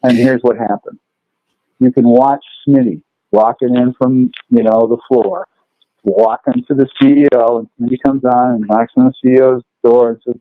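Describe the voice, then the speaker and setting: A man teaching food law, telling long lively stories and acting out the people in them. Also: mid-range voice, moderate pace, no echo. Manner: animated, acts out characters in his stories. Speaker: food law lecturer and podcast guest. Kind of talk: lively storytelling chat. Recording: dry, phone-like line.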